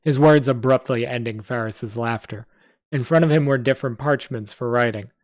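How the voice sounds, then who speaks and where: A man's voice: medium pitch, normal speed, no room sound. A man reading a story aloud on a live stream, with small slips and asides. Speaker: story reader.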